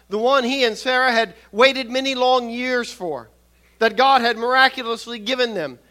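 An older man delivers a sermon in a measured, earnest way, often repeating a word before he finds his phrase. His voice sits high for a man and sounds bright and forward. He slows down to stress the lines he quotes. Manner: measured, with repeated restarts and soft asides. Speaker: preacher.

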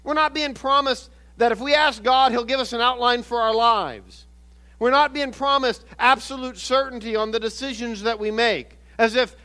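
A man's voice: extremely high pitch, moderate pace, bright, forceful tone. A man preaching a sermon as pastor, explaining a Bible passage earnestly and often correcting himself mid-sentence.

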